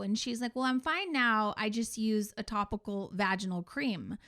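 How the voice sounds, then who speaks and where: Animated woman telling a story. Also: on the high side, normal speed. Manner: animated, acts out quoted dialogue. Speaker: podcast co-host. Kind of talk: casual storytelling chat.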